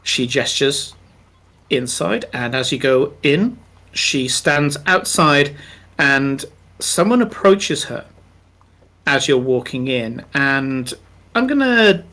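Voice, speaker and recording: A man's voice: mid-range voice, animated, bright, forceful tone. A man narrating a tabletop game as game master, describing scenes at length with many ums and uhs. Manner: descriptive, unhurried, many fillers.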